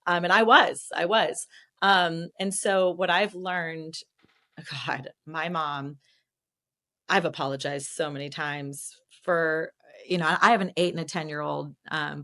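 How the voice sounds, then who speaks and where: A woman guest on a podcast, telling candid personal stories in an animated, conversational way and laughing often. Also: sits low. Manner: animated, laughs often, acts out quoted voices. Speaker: real estate agent, podcast guest.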